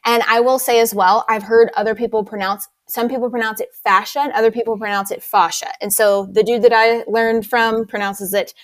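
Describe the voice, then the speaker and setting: A woman's voice: a little high, little pitch movement, brisk, hardly any pauses, no echo. A woman movement instructor explaining her method in an interview, eager and detailed.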